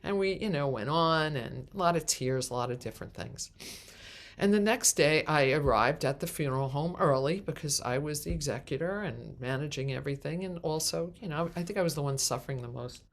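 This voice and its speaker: Female minister, storytelling in a sermon, lively, acts out the other voices. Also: deep voice, a little fast. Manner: animated storyteller acting out voices, with restarts. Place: congregation meeting hall.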